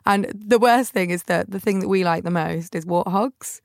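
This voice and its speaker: A woman's voice: medium pitch, moderate pace, vocal fry, a little mellow, no room sound, studio quality. A young woman hosting a podcast, telling funny travel stories in a chatty, self-mocking way and putting on family members' voices. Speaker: podcast host. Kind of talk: casual storytelling monologue.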